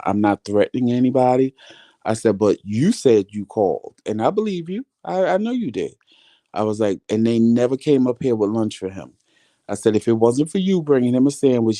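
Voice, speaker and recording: A man's voice: lowish voice, dark tone, no echo. A man, vlogging and casually telling viewers a long story, acting out the conversations he had. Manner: retells conversations with many quoted lines.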